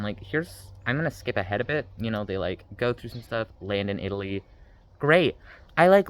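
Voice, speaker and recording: A man's voice: mid-range voice, fairly bright tone, poor audio. A man giving a casual, rambling book review rant, sarcastic and full of fillers.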